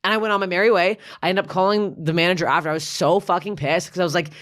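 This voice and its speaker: A woman in her thirties, a comedian guesting on a podcast, tells a story in casual chat. She swears constantly and acts out each line with lively energy. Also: fairly low pitch, racing. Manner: profane, animated storytelling.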